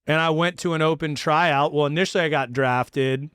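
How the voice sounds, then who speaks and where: A man hosting a podcast, telling a story in a casual chat and acting out the quotes with lively energy. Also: on the high side, moderate pace, clean tone, dry recording, studio quality. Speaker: podcast host.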